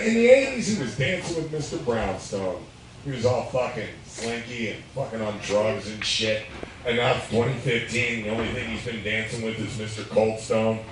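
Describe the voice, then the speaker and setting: Man, thirties, tipsy stand-up comic, crude and profane, laughs at own jokes, very echoey bar, far from the mic. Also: mid-range voice. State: a little drunk. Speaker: stand-up comedian. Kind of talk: live stand-up set. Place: bar stage, live. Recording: echoey room, distant mic, crowd noise.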